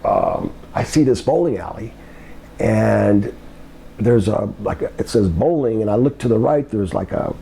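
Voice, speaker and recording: A gravelly, mellow-toned older man spins a rambling anecdote as a guest, stumbling over restarts and filling pauses with ums. His voice lifts higher as the tale builds, and a faint hum sits behind him. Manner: halting, many ums and restarts, climbs higher when excited. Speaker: guest telling old wrestling stories.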